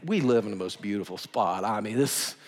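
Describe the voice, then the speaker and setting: A male pastor, preaching a sermon full of lively stories and acted-out quotes. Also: fairly low pitch, fairly quick. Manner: animated, emphatic, acts out quotes in a whisper or shout. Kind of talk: storytelling sermon.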